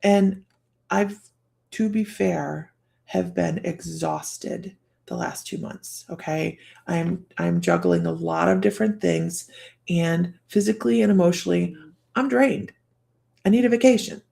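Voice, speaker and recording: A woman with a fairly low, gravelly, warm voice speaks a little slowly as she hosts a psychic livestream. She tells a personal story in a chatty, rambling way, laughing often, restarting sentences and trailing off.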